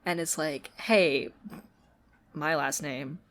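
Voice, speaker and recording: A woman co-hosting a podcast in casual chat, animated and laughing, acting out lines and sometimes dropping to a near-whisper. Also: low-pitched, slow. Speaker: podcast co-host. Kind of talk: casual chat recapping a TV show.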